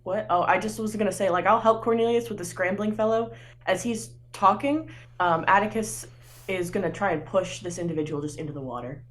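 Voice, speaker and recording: A woman's voice: medium pitch, fairly quick. Hesitant woman playing a tabletop game. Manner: hesitant, filler-heavy. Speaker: player. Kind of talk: tabletop role-play.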